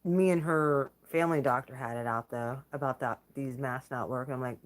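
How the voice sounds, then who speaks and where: A woman with a very deep, steady voice runs her own channel, delivering a blunt, profane, casual vlog rant at a moderate pace. She laughs between her remarks.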